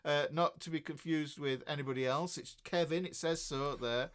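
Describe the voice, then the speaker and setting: A man in his fifties with a Northern English accent hosts a casual guitar live stream, greeting viewers by name. His voice sits slightly higher than most men's. He rambles warmly, with plenty of restarts and easy chuckles. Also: steady tone, normal speed. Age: 50s. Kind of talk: casual live-stream chat reading out comments.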